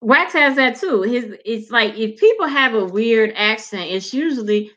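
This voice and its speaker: A woman, hosting a show and chatting casually, animated and swearing freely. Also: a little high, normal speed, dull audio. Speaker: podcast host. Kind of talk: casual chat.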